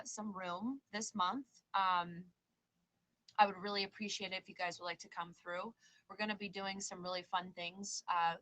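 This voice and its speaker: Bright-voiced woman hosting a tarot stream. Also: lowish voice, poor audio. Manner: warm, reassuring, calls guests babe and girl. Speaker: tarot reader and show host. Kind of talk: casual live-stream chat and tarot reading.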